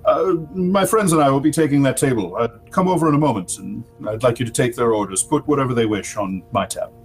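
A man's voice: medium pitch, fast, lightly acted. A man doing a sly, courtly noble patron. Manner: genial, courtly, smooth-talking. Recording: faint background music.

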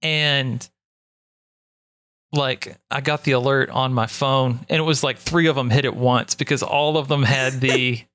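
A man's voice: mid-range voice, steady tone, measured pace, a bit bright, dry recording. A man, a guest on a podcast, chatting in a laid-back, easygoing way over a video call. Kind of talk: casual chat.

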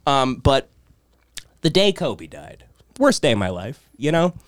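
Animated male podcast storyteller. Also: mid-range voice, unhurried, no room sound, clean studio sound. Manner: animated, swings into loud impressions. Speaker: podcast co-host. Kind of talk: casual storytelling chat.

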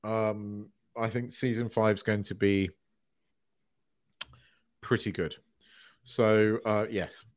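A man co-hosting a podcast in casual chat, animated, swearing freely and restarting his sentences often. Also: on the low side, takes it slowly, long pauses, no room sound, studio quality. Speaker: podcast co-host.

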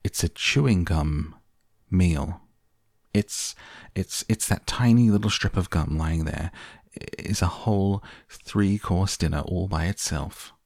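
A man's voice: low-pitched, slow pace, gravelly, a little mellow, no echo, studio quality, full character voice. A man reading the part of an eccentric, proud male candy inventor, boasting grandly. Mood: boastful.

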